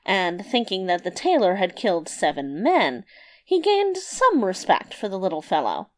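A woman narrating a fairy tale in a measured, expressive read-aloud manner. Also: medium pitch.

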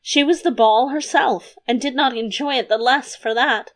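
A woman narrating a fairy tale in a gentle, even reading voice. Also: sits high, normal speed. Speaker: audiobook narrator. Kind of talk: storybook narration.

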